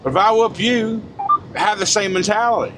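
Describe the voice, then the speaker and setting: A blunt man in his forties rants in a high-pitched voice, swearing freely and talking straight at the camera. Loud road noise from the moving truck cab runs under everything he says. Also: normal speed. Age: 40s. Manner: blunt, profane, fired-up. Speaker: truck driver vlogger. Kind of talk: casual ranting monologue.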